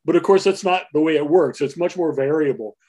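A man's voice: fairly high pitch, brisk, warm tone. A man answering interview questions as a linguist, explaining carefully with frequent filler words. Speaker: linguist guest.

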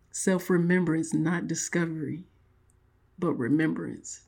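A woman's voice: lowish voice, slow pace, darkish tone. A woman giving a spiritual motivational talk, reflective, often repeating and restating her words. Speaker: spiritual speaker.

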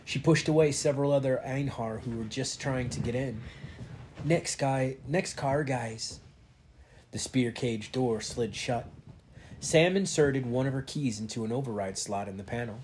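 A man's voice: mid-range voice, measured pace, darkish tone, a little hiss or hum. A man reading a novel aloud in a casual way, giving the characters light voices. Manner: reads with light character voices and stops to chat. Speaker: reader.

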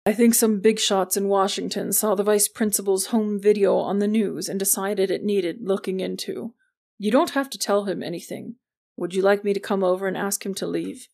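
A protective male police sergeant, voiced by a woman in an audiobook. He speaks in a steady, reassuring way, and the voice is gravelly. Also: medium pitch, normal speed.

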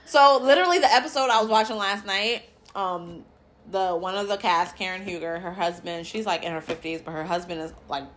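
A woman's voice: mid-range voice, brisk, fairly bright tone, a little hiss or hum. A woman in her thirties, a parent chatting casually as a podcast co-host, rambling with lots of "like" and acting out what others said. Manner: rambling, heavy use of "like", acts out quoted voices. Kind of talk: casual chat.

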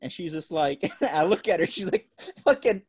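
A young man tells a story on a podcast, his voice pitched fairly high and swinging widely as he acts out what everyone said. He laughs through much of it and swears freely, keeping the tone loose and joking. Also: sing-song, normal speed, a little mellow. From California. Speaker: podcast host. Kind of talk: casual storytelling chat.

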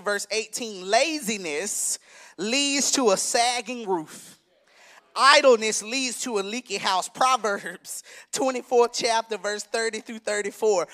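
A young adult man preaching a sermon, emphatic and conversational, rising to shouts. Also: very high-pitched. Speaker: minister preaching.

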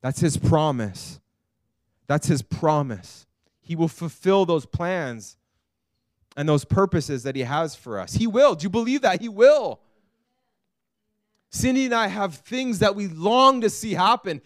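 A man preaching a sermon as pastor, earnest, dropping to a hush and rising to loud pleading. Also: fairly high pitch, lively intonation, unhurried, dry recording, clean studio sound. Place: church.

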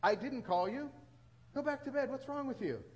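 A male pastor playing a gruff, impatient old priest during a sermon story. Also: sits high, animated, normal speed, darkish tone. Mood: irritated. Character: grumpy old male priest woken at night.

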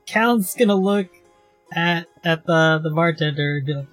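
A tabletop game player who describes their character's moves quickly. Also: medium pitch, faint music behind.

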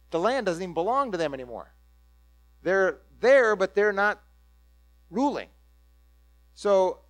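A man preaching a sermon in a storytelling manner, acting out the crowd's eager reactions in lively bursts. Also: sits high, no room sound.

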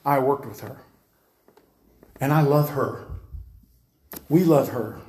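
A man's voice: mid-range voice, slow pace, darkish tone. A man preacher giving a dramatic testimony, insistent and emphatic, acting out scenes as he talks. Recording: roomy echo.

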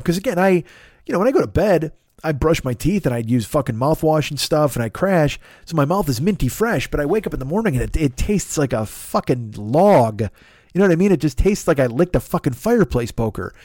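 A man's voice: a little high, big pitch swings, fairly quick, darkish tone, dry recording, studio quality. A man hosting a podcast, delivering a profane comedic rant with a raw throat. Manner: swears constantly, ranting and sarcastic. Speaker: podcast host.

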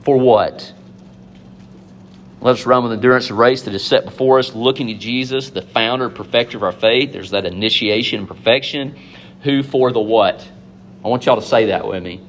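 A man preaching a sermon, animated and conversational, acting out biblical figures in quick asides. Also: medium pitch, slight background noise.

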